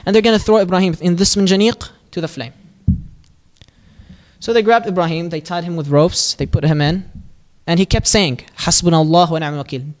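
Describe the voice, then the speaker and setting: Animated man retelling a religious story. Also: high-pitched, a little fast. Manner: lively, animated retelling with quoted voices and Arabic phrases; casual, with fillers and restarts. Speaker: storyteller at a mosque.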